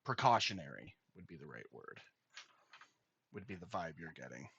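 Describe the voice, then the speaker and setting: A man narrating a tabletop game as game master, relaxed and descriptive with filler pauses. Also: low-pitched, creaky, breathy edge, no room sound, dull audio.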